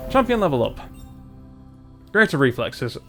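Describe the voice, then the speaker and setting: A man's voice: a little high, very animated, unhurried, a bit bright, faint music behind. A man, commentating a strategy game in a chatty, self-mocking way. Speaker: gamer. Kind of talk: let's play commentary.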